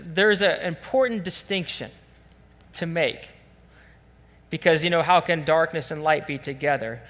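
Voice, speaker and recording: A man preaching a sermon as pastor, animated and acting out the voices he quotes. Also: fairly high pitch. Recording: long church hall reverb.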